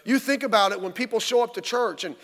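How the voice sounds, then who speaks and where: This male pastor's voice is very high-pitched and fairly bright, and he moves at a quick pace through a midweek sermon. The church hall's reverb fills the recording as he speaks folksily and conversationally, asking many rhetorical questions.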